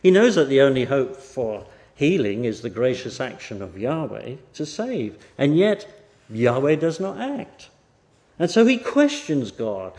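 Lively, emphatic male preacher. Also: a little high. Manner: emphatic, rising for stress and dropping soft at phrase ends. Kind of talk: expository sermon.

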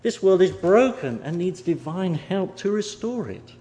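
A man preaching an expository sermon, emphatic, pushing stressed words up and letting phrase endings fall soft. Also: high-pitched, expressive, measured pace, highs cut off.

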